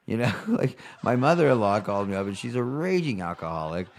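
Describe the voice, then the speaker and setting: Profane ranting comic man, low voice. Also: very animated, brisk, creaky, a little hiss or hum. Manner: profane, ranting, mocking, swings loud and quiet. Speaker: stand-up comedian. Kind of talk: rambling stand-up rant.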